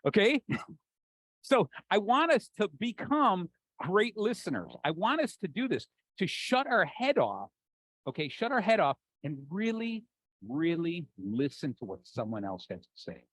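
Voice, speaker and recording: A man with an American accent giving an animated, jokey conference talk, acting out the voices in his head. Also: high-pitched, unhurried, no room sound, poor audio. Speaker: keynote speaker. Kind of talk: conference talk to a live audience.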